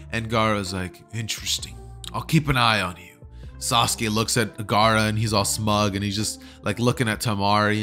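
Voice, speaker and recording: A man's voice: fairly low pitch, a bit bright. A man casually retelling an anime what-if story, rambling with lots of filler words. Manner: rambling, fillers like right and pretty much. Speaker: YouTube storyteller. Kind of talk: casual fan-fiction retelling.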